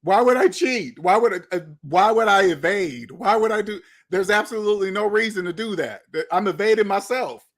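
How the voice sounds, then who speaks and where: Blunt high-voiced man lecturing. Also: lively intonation, normal speed, hardly any pauses, a bit bright. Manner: blunt, lecturing, repeats himself. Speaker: finance commentator. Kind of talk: opinionated video commentary.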